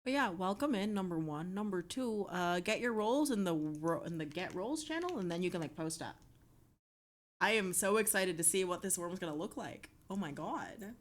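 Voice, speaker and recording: A young woman streaming live, chatting casually and excitably, swearing often. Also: lowish voice, normal speed. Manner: excitable, swearing, breaks into shrieks and laughter.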